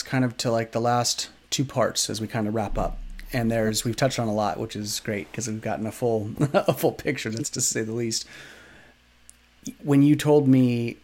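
A man's voice: mid-range voice, darkish tone. A man hosting a podcast, asking rambling, hesitant questions full of fillers and restarts. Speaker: podcast host. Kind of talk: casual interview chat.

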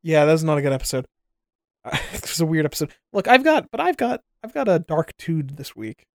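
Podcast co-host, male, loose jokey delivery, higher register, dead-dry mic. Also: big pitch swings, brisk, no room sound. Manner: loose, profane, jokey banter. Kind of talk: casual chat.

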